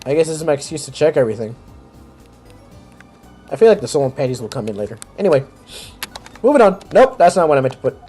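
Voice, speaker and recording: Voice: medium pitch, sing-song, quick pace, pauses often, dark tone, slightly rough, faint music behind. A let's player commentating on a story game, joking and sarcastic, swearing casually while reading the dialogue aloud.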